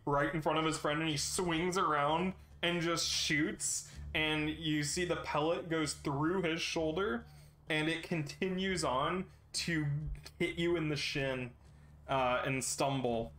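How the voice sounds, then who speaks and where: A man narrating a tabletop game as game master in a relaxed, steady way with frequent fillers. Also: fairly high pitch, takes it slowly, roomy sound.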